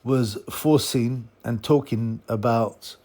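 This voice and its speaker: A man's voice: mid-range voice, slow pace, darkish tone. A man giving a blunt, mocking, casual monologue as a boxing commentator. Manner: blunt, mocking, chuckling asides.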